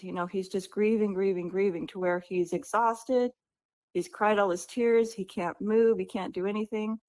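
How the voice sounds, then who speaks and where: A woman author talks through her story with animated, conversational energy. Her voice sits in an everyday middle register, and she keeps checking in with her listener as she goes. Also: mid-range voice. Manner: animated storyteller, acts out characters' lines; conversational, often asks "right?". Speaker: author guest. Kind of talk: interview, retelling her book's story.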